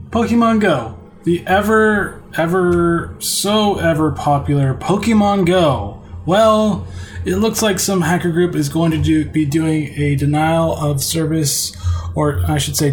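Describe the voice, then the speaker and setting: A man's voice: fairly high pitch, a little mellow, poor audio. A man with a slightly raised voice chats through a solo tech podcast in an easy, offhand way, dropping shrugging asides. A faint hiss sits under the recording. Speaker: podcast host.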